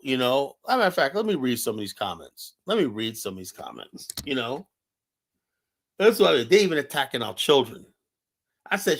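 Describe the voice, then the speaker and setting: A man's voice: mid-range voice, sing-song, normal speed, a bit bright. A man in a mid-range voice gives an urgent, emphatic live-stream monologue. He keeps circling back to his points with "you know" and "right?" fillers. His delivery is passionate and conversational rather than scripted. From United States. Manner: urgent, emphatic, repeats himself with many fillers. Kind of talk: impassioned monologue commentary.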